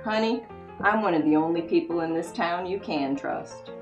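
A woman's voice: on the low side, normal speed, echoey room, highs cut off, over music, natural voice. A woman playing a friendly frontier saloon owner with a welcoming manner. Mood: earnest.

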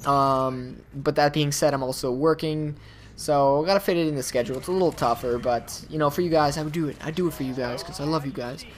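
A man with a slightly high voice gives loose, rambling commentary over his own gameplay. He talks straight to his viewers in an offhand, chatty way. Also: quick pace. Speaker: YouTube gamer.

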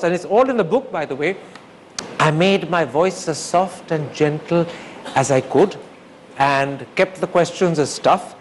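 A man's voice: on the high side, slight background noise. An older man answering audience questions in formal, emphatic phrasing. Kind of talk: articulate public talk.

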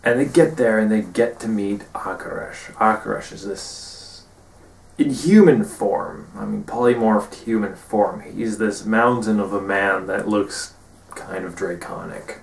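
A slow-talking man with a lowish voice recaps his tabletop game session as game master, rambling along with frequent ums. He sits some way back from the mic in an echoey room. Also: gravelly, far from the mic, a little hiss or hum. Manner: rambling, many ums, quotes players in brief character bits.

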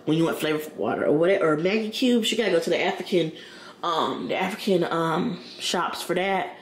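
A woman's voice: lowish voice, brisk. A woman vlogging casually from her home kitchen, rambling and slangy as she talks to her viewers. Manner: chatty, rambling, slangy, addresses viewers as y'all and girl. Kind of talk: casual chat to camera. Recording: echoey room with background noise.

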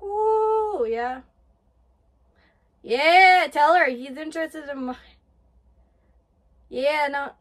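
A woman hosting an anime reaction, gushing and excitable as she comments live and swears freely. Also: high voice, extremely slow, pauses often.

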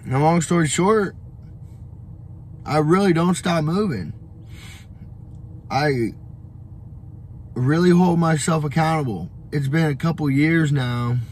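A young man with a somewhat high voice vlogs while traveling on the road, delivering a blunt, profane motivational rant. He talks slowly, pausing often, with plenty of fillers and restarts, and there's slight background noise.

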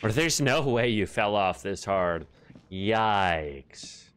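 A man streams a horror game, speaking slowly with lively intonation in a lowish, fairly bright voice as he jokes and curses with his chat. His casual commentary is captured on a desk microphone with slight background noise.

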